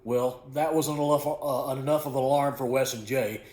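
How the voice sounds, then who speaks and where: A man reading aloud from a book he wrote, in an unhurried, folksy way, correcting small slips as he goes. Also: medium pitch, fairly even intonation, darkish tone, faint music behind. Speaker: author reading his own book. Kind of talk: storybook narration. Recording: echoey room.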